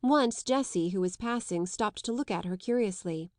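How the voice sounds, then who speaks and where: A woman narrating a classic children's novel in a measured, even reading. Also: mid-range voice, dry recording, clean studio sound. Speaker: audiobook narrator.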